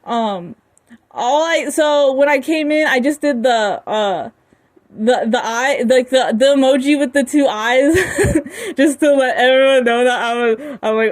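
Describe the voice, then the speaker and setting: High-voiced young woman, halting and giggly. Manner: halting, many restarts, frequent giggling. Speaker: vlogger. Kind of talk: casual rambling vlog. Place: her room.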